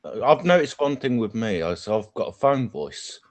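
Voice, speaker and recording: A man's voice: on the low side, big pitch swings, normal speed, a little mellow. A man chatting casually, hesitant and full of fillers. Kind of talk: casual group chat.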